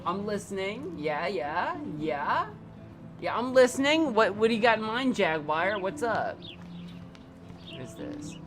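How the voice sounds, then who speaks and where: A man's voice: high voice, sing-song, measured pace, over music. Chatty man streaming a game. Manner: rambling, chatty, talks back at the screen and chat. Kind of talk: live gameplay commentary.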